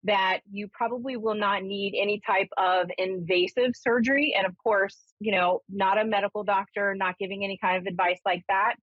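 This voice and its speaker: Woman host for a call-in medium show, animated, dry and a bit lo-fi. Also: medium pitch, normal speed, hardly any pauses, no echo. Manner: animated, acts out voices when retelling. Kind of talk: casual on-air storytelling and readings. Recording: slightly dull lo-fi radio sound.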